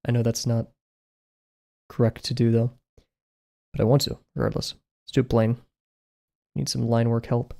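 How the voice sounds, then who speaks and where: A man chatting casually while drawing on a live stream, relaxed and self-mocking, thinking aloud and slightly out of breath. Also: mid-range voice, moderate pace, gravelly, pauses often.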